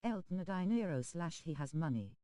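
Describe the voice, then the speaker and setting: This is a synthetic voice reading viewer chat on a game stream. Its tone is soft and warm, and the delivery stays smooth and even. It reads emoji names and abbreviations out literally, with a dry, close sound. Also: medium pitch, moderate pace, dry recording, poor audio. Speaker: text-to-speech chat reader on a game stream.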